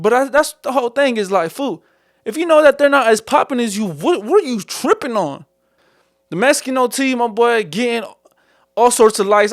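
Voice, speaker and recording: Slangy Chicano-accented young man, high voice. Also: dry recording, studio quality. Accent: Chicano English. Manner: slangy, says "fool" constantly, rambling. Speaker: podcast host. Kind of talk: casual solo podcast talk. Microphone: studio mic.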